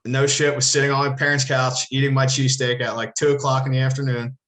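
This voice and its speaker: Man from the Philly area, mid-pitch voice, loose and profane, rambles and restarts mid-sentence. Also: level tone, fast talker, fairly bright tone. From Philadelphia area. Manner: rambling, profane, self-correcting. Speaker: podcast co-host, former ballplayer. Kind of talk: casual storytelling.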